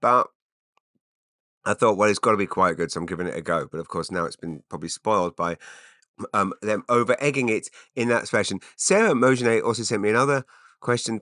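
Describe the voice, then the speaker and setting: A rambling man in his forties talks through his own podcast with a low voice, constantly breaking off into wry asides. His tone is bright and forceful, and the sound is dry and close, with no room echo. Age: 40s. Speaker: podcast host.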